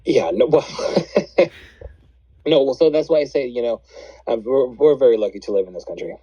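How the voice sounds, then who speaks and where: A man's voice: medium pitch, normal speed, warm tone, husky. A man who immigrated, speaking as a guest on a casual podcast, agreeable and full of "you know" and "I mean". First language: not stated; immigrant. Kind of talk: casual chat. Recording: dull lo-fi sound.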